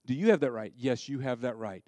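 A middle-aged man preaching a sermon, swinging from soft asides to loud, emphatic peaks. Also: medium pitch, a little fast, no room sound. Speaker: pastor.

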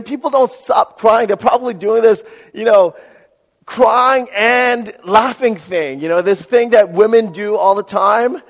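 A man preaching a sermon, telling a personal story in an earnest, animated way and often checking in with "right?". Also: high voice, creaky. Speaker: pastor. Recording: reverberant hall.

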